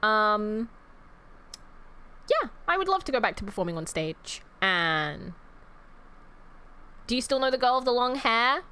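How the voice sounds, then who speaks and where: Young female streamer, high and animated, chatty and sweary. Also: a little slow, pauses often, smooth. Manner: rambling, self-correcting, sweary. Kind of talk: casual chat with viewers.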